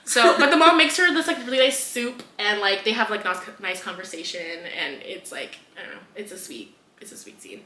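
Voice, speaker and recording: A young woman in casual podcast chat, bright and forward in tone. She retells scenes with quick quoted voices, and the recording rings with a roomy echo. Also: medium pitch, animated. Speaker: podcast co-host. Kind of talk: casual book review chat. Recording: echoey room.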